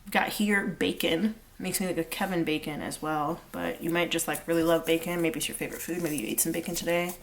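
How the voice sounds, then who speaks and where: A woman's voice: lowish voice, fairly even intonation, brisk, gravelly, few pauses. A woman giving a casual pick-a-card tarot reading, chatty and rambling with lots of fillers. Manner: chatty and rambling, many fillers, sings snatches of lyrics. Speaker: tarot reader.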